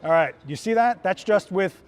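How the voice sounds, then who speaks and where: A man's voice: high voice, expressive, moderate pace. A man who is a photographer giving a live gear demo on a trade show floor. He talks in a casual, enthusiastic, chatty teaching manner.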